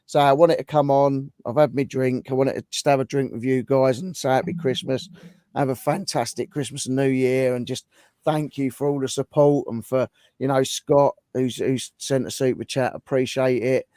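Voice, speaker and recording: A man hosting a casual livestream, thanking viewers warmly while his voice goes hoarse. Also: mid-range voice, steady tone, moderate pace, dry recording, studio quality. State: voice going hoarse. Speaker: livestream host.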